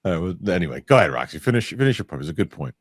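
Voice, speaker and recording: A man's voice: low-pitched, very animated, racing, no room sound. A man hosting a casual podcast chat, rambling and laughing easily as he talks. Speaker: podcast host.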